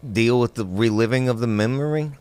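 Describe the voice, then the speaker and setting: A man's voice: medium pitch, fairly quick, darkish tone, clear, resonant tone, dry recording. A man hosting a comedy podcast, prodding his guest with wry, crude questions. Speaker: podcast host.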